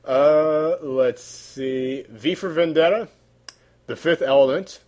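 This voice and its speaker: A man's voice: on the high side, slow, a little mellow. A man hosting a casual podcast, worn out with a sore voice, rambling and searching for words. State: tired, sore voice. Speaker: podcast host. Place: hot room without air conditioning.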